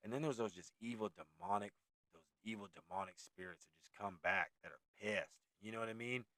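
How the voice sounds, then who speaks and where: A man's voice: on the low side, brisk, sharp tone, dry recording. A man around forty from California, telling a haunted story in a rambling, profane, laid-back way, full of tangents and self-corrections. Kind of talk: casual storytelling.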